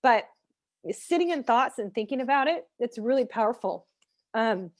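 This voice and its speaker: A woman's voice: a little high, lively intonation, normal speed. A woman fitness and nutrition coach speaking candidly over a video call, chatty with many fillers, leading an online workshop. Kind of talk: casual online workshop talk.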